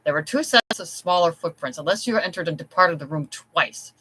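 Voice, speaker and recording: Reader doing a cold, curt master of the house, bright tone, storybook. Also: medium pitch, expressive, a little fast, slightly rough, poor audio. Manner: curt and icy. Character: cold domineering wealthy man, master of the house.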